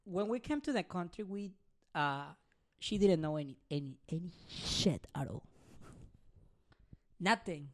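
A woman's voice: fairly low pitch, expressive. A woman with a Spanish accent, a native Spanish speaker, chatting casually on a podcast and searching for her words. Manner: halting, searches for words, laughs often. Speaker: podcast co-host. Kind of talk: casual chat.

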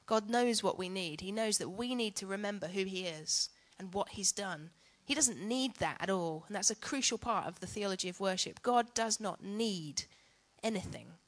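A woman's voice: medium pitch, a bit bright. A woman giving a chatty, self-mocking teaching talk on worship to church leaders.

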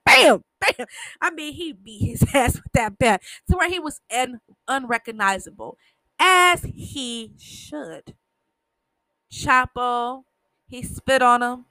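A woman's voice: on the high side, bright, forceful tone, no room sound. A woman casually recapping a TV episode, talking bluntly, swearing freely and tripping over her words. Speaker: show recapper.

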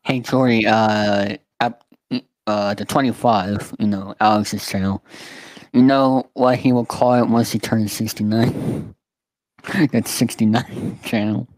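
A man's voice: on the low side, fairly even intonation, slow, a little mellow, no echo, low-quality recording. A man on a podcast panel, chatting in a teasing, offhand way. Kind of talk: casual chat.

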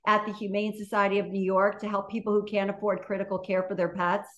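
A woman's voice: mid-range voice, flat delivery, quick pace, highs cut off. A woman, a guest on an interview show, telling a story in a chatty, casual way full of "you know" and "like".

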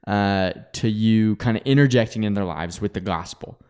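A low-voiced man co-hosting a relaxed church conversation. He teases a little, and his sentences often stop and restart as he works through an idea aloud. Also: normal speed, smooth. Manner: teasing, thinks aloud with many restarts. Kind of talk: casual church podcast chat.

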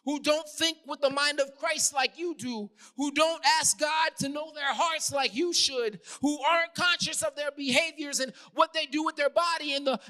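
A man from New York preaching a sermon as a ministry leader, swinging from loud emphatic lines to quiet asides. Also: very high-pitched. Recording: long hall reverb.

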